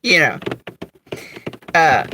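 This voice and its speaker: A woman's voice: sits low, big pitch swings, extremely slow, bright, forceful tone, slight background noise, low-quality recording. A middle-aged woman hosting a livestream, chatting casually, telling stories about home life and greeting viewers by name between laughs. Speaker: livestream host.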